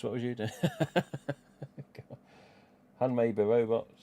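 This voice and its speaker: A man's voice: medium pitch, measured pace, vocal fry, mellow. Rambling Midlands man on a live stream. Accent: English Midlands. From England. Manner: rambling, chatty, swears freely, chuckles to himself. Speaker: livestream host. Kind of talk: casual live-stream chat.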